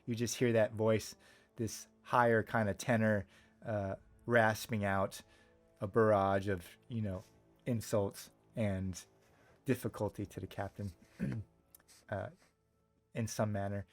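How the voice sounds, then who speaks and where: A man's voice: lowish voice, fairly even intonation, slow, long pauses, soft background music. A man narrating a tabletop role-playing game as game master, in a rambling style full of fillers. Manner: rambling, filler-heavy description.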